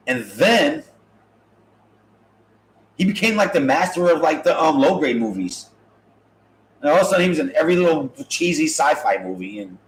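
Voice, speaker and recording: A man tells comic stories in a loose, casual way. His voice sits a little high and swings widely in pitch as he jokes. The room is echoey, with a faint ambient hum behind him. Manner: animated, joking, acts out quoted voices. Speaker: podcast host. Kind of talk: casual comedic storytelling.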